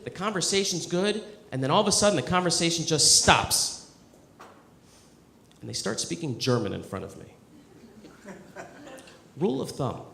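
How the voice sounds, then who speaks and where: A male stand-up comedian works a club crowd in a high, bright voice. His delivery is conversational and self-deprecating, with deadpan asides, heard through a handheld mic in an echoey room. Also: slight background noise. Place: comedy club stage with a live audience.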